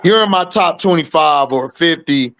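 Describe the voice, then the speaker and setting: A man hosting a casual sports talk show, animated and emphatic with lots of slang. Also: fairly high pitch, moderate pace, dry recording. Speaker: podcast host.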